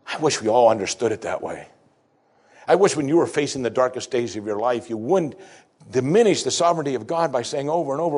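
A male pastor preaching a sermon, telling a story with dramatic pauses and slowing down to stress key phrases. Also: medium pitch, expressive, a little mellow, breathy edge. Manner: emphatic, slows for key phrases.

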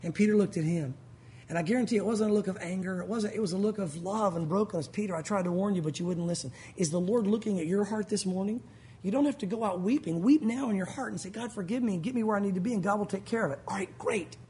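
A man from Tennessee with a light Southern accent, preaching a sermon as pastor, talking fast and acting out little scenes as he tells stories. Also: high-pitched, a little hiss or hum. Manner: fast-talking, animated storytelling with acted asides.

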